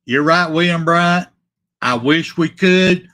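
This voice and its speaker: A man's voice: a little high, slow pace. A man hosting a casual sports talk stream, reading viewer comments aloud, repeating himself and apologizing as he goes. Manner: animated and repetitive, trailing off and apologizing. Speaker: sports talk show host.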